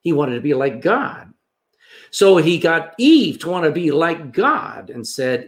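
A male pastor delivers a sermon with a slightly high voice. His pitch leaps and falls in lively swings, and he moves from forceful emphasis to hushed, near-whispered asides. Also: unhurried. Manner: animated preaching, swings between loud emphasis and hushed asides.

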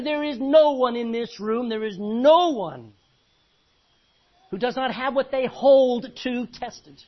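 A man preaching a sermon with animated delivery, swinging from quiet to loud. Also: very high voice, moderate pace, dull audio.

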